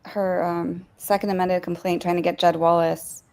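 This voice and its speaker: A woman's voice: lowish voice, level tone, normal speed, vocal fry, a little mellow. A woman guest on a casual online panel chat, blunt and dismissive in her comments.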